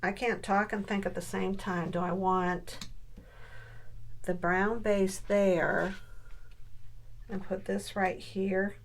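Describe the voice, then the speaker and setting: A woman's voice: mid-range voice, little pitch movement, takes it slowly, gravelly, pauses often, a little hiss or hum. A middle-aged woman chatting casually through a crafting tutorial, thinking aloud as she works and asking her viewers questions. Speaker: papercraft vlogger.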